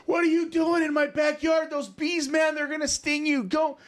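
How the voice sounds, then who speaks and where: A man voicing an angry male beekeeper who yells and shoos a stranger away from his hives, inside a told story. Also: very high-pitched, steady tone, moderate pace, pitched above the performer's own voice. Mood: furious. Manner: yelling, frantic, shooing someone away. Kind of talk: retold anecdote in a podcast.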